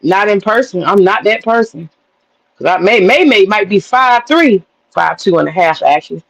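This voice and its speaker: A woman's voice: mid-range voice, lively intonation, normal speed, gravelly, no room sound, dull audio. A woman from the American South, hosting a livestream and ranting in a blunt, profane, wisecracking way. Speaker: livestream host. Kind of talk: casual commentary rant.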